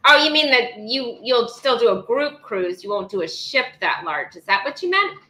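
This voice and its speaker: A chatty woman co-hosting a casual livestream, talking quickly and reading viewer comments aloud. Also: a little high, lively intonation, pushed and bright, echoey room, poor audio. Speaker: livestream co-host.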